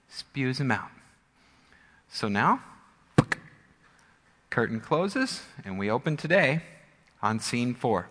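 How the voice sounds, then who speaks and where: A man preaching a sermon as pastor, an animated storyteller who acts out scenes. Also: mid-range voice, slow pace, long pauses. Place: church sanctuary. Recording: long church hall reverb.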